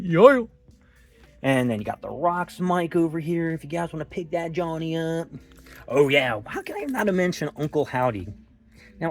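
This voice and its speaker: A young man with a Philadelphia accent, chatting excitedly as he walks store aisles and films on his phone. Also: medium pitch. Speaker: vlog host. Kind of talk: casual walk-through vlog.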